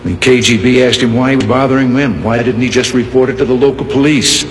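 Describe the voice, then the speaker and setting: A man's voice: mid-range voice, fairly even intonation, fast, slight background noise. A man in his seventies, a folksy public speaker telling jokes and chuckling along with his stories. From United States. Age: 70s. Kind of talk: anecdotal joke-telling from an archive recording.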